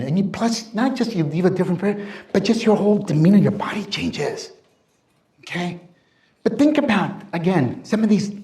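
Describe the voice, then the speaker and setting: A middle-aged man gives a motivational talk in a high, lively voice that swings up and down a lot. He speaks with energy and acts out the people he quotes in playful voices. The sound is roomy and echoey. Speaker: career coach and speaker.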